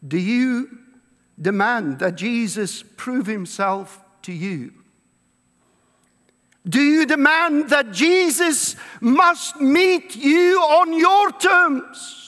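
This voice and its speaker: A pastor preaching a sermon to his congregation, emphatic, slowing down to stress key words. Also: very high-pitched, expressive, fairly bright tone. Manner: emphatic preaching with slow, drawn-out stresses and quoted scripture. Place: church. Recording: long reverb of a church hall.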